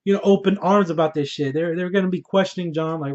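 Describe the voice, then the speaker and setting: A young man talks through a TV episode in a loose, excited monologue, swearing freely and laughing as he goes. His voice sits high for a man. The audio sounds a little dull and lo-fi. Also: fast, few pauses. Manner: animated, profane, laughing, slangy. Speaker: TV show reviewer. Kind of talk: excited casual review monologue.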